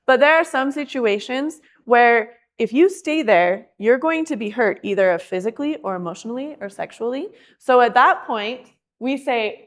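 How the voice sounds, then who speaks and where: A woman's voice: fairly high pitch, moderate pace, few pauses. Chatty woman teaching a class. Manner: chatty, acts out quotes with lively emphasis. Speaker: class instructor.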